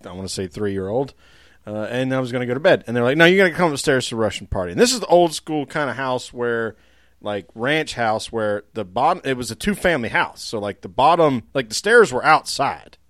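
A man's voice: mid-range voice, animated, moderate pace, a bit bright, dry recording, studio quality. A man in his thirties co-hosting a podcast, telling a long story in a rambling, laughing casual chat. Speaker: podcast co-host.

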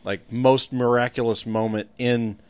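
A man co-hosting a casual podcast talks in a reflective, unhurried way, with frequent fillers. His voice sits at an ordinary middle pitch. The sound is close and dry. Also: steady tone, darkish tone, clear, resonant tone, no echo. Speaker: podcast co-host. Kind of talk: casual chat.

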